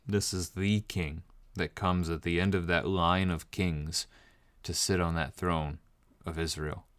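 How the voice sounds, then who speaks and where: A man preaching a Bible study sermon, explaining scripture with emphatic, measured delivery and reading verses slowly. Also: low-pitched, steady tone, fairly bright tone, no echo, studio quality.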